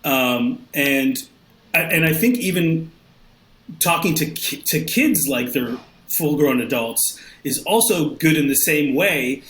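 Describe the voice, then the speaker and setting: A man guesting on a podcast, chatting casually and telling animated stories, laughing often. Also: on the high side, slow pace. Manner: animated storytelling, laughs often, acts out quotes. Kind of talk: casual chat. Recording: roomy echo.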